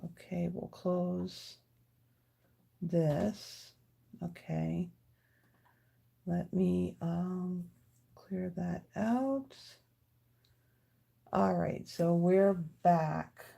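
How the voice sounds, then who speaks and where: In her home craft studio, a woman runs a live card-making stream, chatting with viewers, thanking them by name, and walking them through her table while tidying her desk. Her fairly low voice is steady, creaky, and mellow, very slow with frequent pauses.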